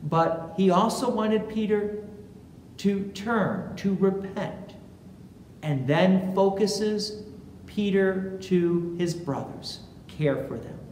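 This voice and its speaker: A pastor preaching a sermon in a church, speaking slowly and deliberately and acting out quotations with animation. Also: medium pitch, lively intonation, a little mellow, a little hiss or hum. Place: large church sanctuary. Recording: echoey church hall with long reverb, faint ambience.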